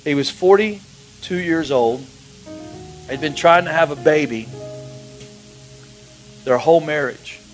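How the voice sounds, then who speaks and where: A man preaching a sermon, telling a personal story with emotion, his voice dropping to a hush and rising again. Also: on the high side, takes it slowly, long pauses, soft background music, rough recording. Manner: emotional storytelling, swings from hushed to raised.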